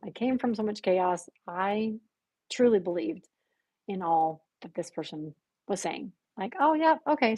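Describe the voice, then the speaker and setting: A woman guest on a podcast telling a personal story in conversation, animated and acting out the voices she quotes with gasps. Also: medium pitch, slightly rough, no room sound.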